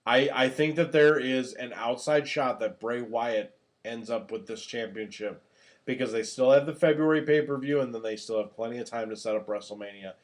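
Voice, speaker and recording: A man chatting on a podcast with an ordinary middle-range voice. He talks with animated, profane energy and gets loud when worked up. He has the hiccups. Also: medium pitch, normal speed. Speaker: podcast co-host. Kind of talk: casual podcast chat.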